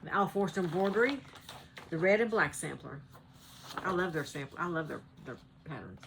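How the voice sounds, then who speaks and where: A cross-stitch vlogger from North Carolina chats casually at home in a Southern American accent, rambling and laughing often. Her fairly low voice is creaky yet fairly bright, her pace is normal, and there's a little hiss or hum in the background.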